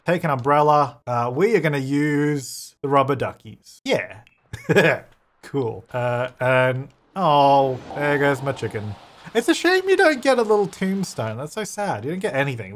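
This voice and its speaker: A young man giving casual gameplay commentary, chatty, laughing often and talking back to the characters on screen. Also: medium pitch. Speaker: gaming YouTuber.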